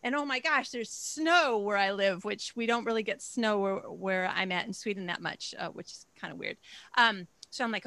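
A woman's voice: medium pitch, moderate pace, no room sound. Chatty woman with a dry sound. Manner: animated storyteller, laughs often, acts out her own thoughts. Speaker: romance author guest. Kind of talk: casual chat. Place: home, lives in Sweden.

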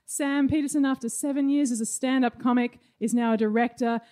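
A woman hosts a live comedy debate, introducing each speaker to the crowd. Her delivery is upbeat and announcer-like, and her voice sits a little high. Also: steady tone, brisk, mellow. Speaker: host.

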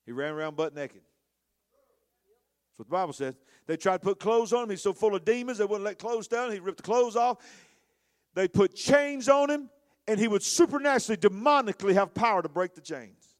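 A man preaching a passionate sermon, swinging between hushed, intimate lines and loud, rising storytelling. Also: high-pitched, expressive, normal speed, pauses often. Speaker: pastor.

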